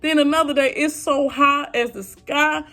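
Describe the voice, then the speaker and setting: A woman's voice: sits high, steady tone, moderate pace, pushed and bright, faint music behind. A young woman venting to her viewers about family trouble, frustrated and heartfelt, speaking directly and casually. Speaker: vlogger. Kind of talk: emotional venting to camera.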